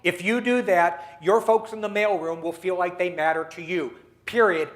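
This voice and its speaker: A keynote speaker with a notably high voice for a man, telling workplace anecdotes to a dinner crowd. He acts out each person's lines with lively turns and punchlines. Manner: animated storyteller acting out dialogue. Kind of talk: storytelling business talk. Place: dinner meeting room.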